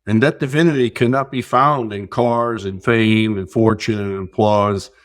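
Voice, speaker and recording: A man as a podcast guest, telling stories in an earnest, reflective way and rising in pitch and loudness when he makes a point. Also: steady tone, unhurried. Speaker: podcast guest, keynote speaker. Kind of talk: reflective conversational storytelling.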